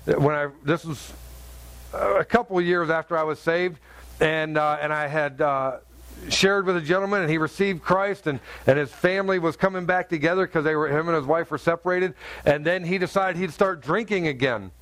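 A man preaching a sermon, telling a personal story in a halting, conversational way full of fillers, then rising to fervent exhortation. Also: a little high, a bit bright.

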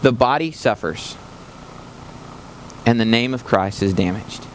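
A man's voice: medium pitch, measured pace, slight background noise. A man preaching a sermon as a visiting missionary, passionate and emphatic, speaking straight to the congregation in a church. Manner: passionate, rising to emphatic peaks, addresses congregation directly.

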